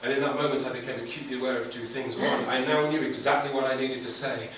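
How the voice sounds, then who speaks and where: A man's voice: medium pitch, steady tone, fast talker, a bit bright. A man performing comic spoken-word poetry at a poetry slam, with a dramatic, wry, theatrical delivery, recorded far off in a noisy, echoey live venue. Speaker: slam poet.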